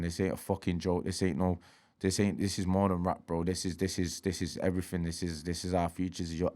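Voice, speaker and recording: A man's voice: sits low, a little mellow. A man, talking candidly as a podcast guest, streetwise and swearing freely, often asking "do you know what I mean". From Manchester. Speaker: interview guest, rapper.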